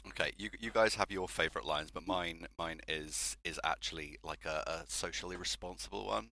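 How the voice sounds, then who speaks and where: A British man chatting as a podcast guest, wry and low-key, talking in long run-on stretches. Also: moderate pace, creaky, sharp tone, a little hiss or hum. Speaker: guest author. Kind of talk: casual podcast chat.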